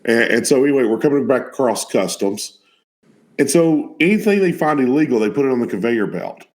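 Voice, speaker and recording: A man hosting a casual talk show, asking questions with stumbling restarts and telling his own lively story. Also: mid-range voice, brisk. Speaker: show host. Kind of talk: casual chat.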